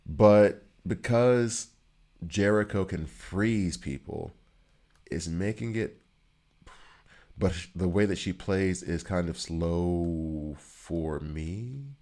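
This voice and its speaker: Deep-voiced man rambling over gameplay. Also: slow, long pauses, darkish tone. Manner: rambling, joking, repeats himself for emphasis. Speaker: gaming streamer. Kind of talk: casual gameplay commentary.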